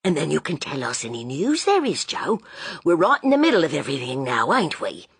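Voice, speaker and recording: A gossipy middle-aged landlord, as the narrator puts him on, low and half-whispered. The voice is breathy and dry. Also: huge pitch swings, fairly quick, dry recording, full character voice. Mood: eager.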